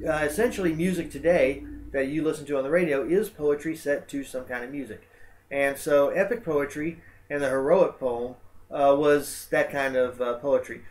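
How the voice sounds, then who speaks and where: A man teaching a college English lecture over slides, talking in a relaxed, conversational way with frequent uh and um fillers. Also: fairly high pitch, normal speed.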